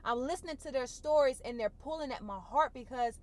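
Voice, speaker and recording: A woman vlogger with a voice that sits high talks briskly through an emotional personal testimony, her tears close to the surface. She sounds casual and expressive, returning to phrases again and again for emphasis.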